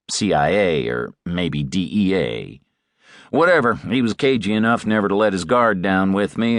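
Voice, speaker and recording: Low-voiced wry male audiobook narrator. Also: fairly bright tone, dry recording, clean studio sound. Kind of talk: first-person audiobook narration.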